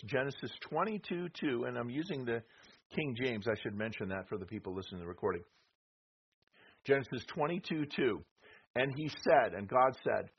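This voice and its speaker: A man with a slightly husky voice leads a Bible class, talking loosely and conversationally as he calls for the next slide and stops to correct himself. The recording is muffled and lo-fi. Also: medium pitch. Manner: conversational, with restarts and asides, asking for next slide. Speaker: Bible teacher.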